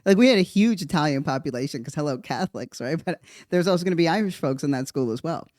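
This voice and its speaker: A podcast host talking in a casual comedic monologue, animated and rambling, laughing often between asides. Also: medium pitch, fast, dry recording, studio quality.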